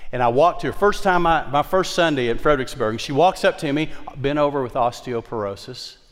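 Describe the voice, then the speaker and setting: A man pastor with a Southern twang preaching a sermon, swinging from loud, fired-up exhortation to hushed storytelling. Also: medium pitch. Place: church sanctuary. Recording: long reverb from a large hall.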